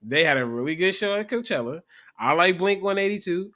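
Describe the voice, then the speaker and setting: A man hosting a casual podcast chat, animated and profane, laughing often. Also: sits high, fairly quick. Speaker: podcast host.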